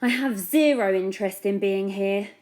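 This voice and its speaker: A woman voicing a cool, fashionable young witch girl who sounds loud, flat and unimpressed in a children's storybook reading. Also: mid-range voice, unhurried, natural voice. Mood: bored.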